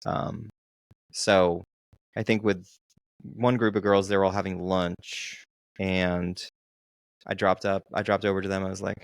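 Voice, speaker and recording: A man co-hosting a casual podcast, telling stories slowly and deliberately with frequent restarts. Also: low voice, little pitch movement, creaky, no echo, studio quality. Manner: slow, deliberate storytelling with restarts. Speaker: podcast co-host, dating coach.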